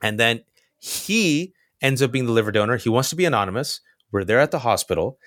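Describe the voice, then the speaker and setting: A man of middle pitch recounts a story in a casual interview, acting out every character with sudden leaps up in pitch. His voice is close and dry, with no room sound. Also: a little fast, no echo. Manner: animated, acts out others' voices with big pitch jumps. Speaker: guest. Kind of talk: storytelling in a conversation.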